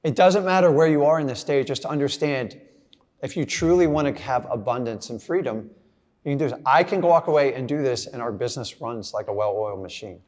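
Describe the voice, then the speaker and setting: Middle-aged guy pumping up a crowd, blunt and casual, keeps acting out little scenes, voice not high not low. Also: a little fast, a little mellow. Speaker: real estate investor speaking to an audience. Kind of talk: motivational talk to a live audience.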